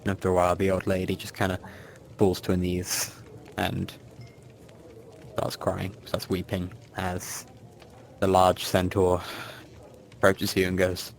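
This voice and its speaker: A man's voice: sits low, monotone, measured pace, vocal fry, long pauses, a little hiss or hum. A man running a tabletop game as game master, narrating loosely with fillers.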